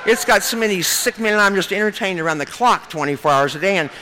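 At a podium mic in a meeting room, an older Nebraska woman shares her recovery story in a frank, folksy, joking style, calling the crowd "you guys" again and again. Her voice is forceful, bright, medium-pitched and expressive, and she talks fast over a little hiss or hum.

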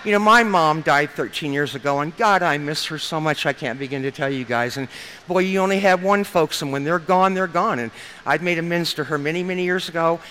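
A woman's voice: deep voice, fairly quick, fairly bright tone, a little hiss or hum, poor audio. A woman in her fifties from Nebraska, speaking at a recovery meeting in a chatty, humorous storytelling style, often addressing the crowd as you guys. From Lincoln, Nebraska. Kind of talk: storytelling talk at a podium.

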